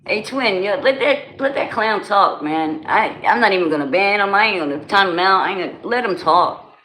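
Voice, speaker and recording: A woman's voice: medium pitch, lively intonation, moderate pace, bright, forceful tone. A woman in her forties with a New Jersey accent, hosting a casual livestream and chatting loosely with her viewers, greeting them by name in slangy talk. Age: 40s. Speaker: livestream host. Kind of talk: casual live-stream chat. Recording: roomy with faint background noise.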